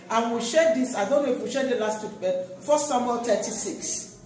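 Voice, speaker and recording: A pastor preaching a sermon, swinging between loud exhortation and quiet asides. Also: mid-range voice, normal speed. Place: large echoey church hall. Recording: echoey church hall from far off.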